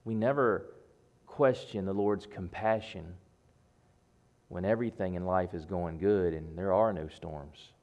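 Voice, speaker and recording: A man preaching a sermon, swinging between loud bursts and hushed passages, building rhythmic lists and asking his listeners questions. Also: low-pitched, a little slow, lo-fi sound. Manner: addresses listeners directly with questions.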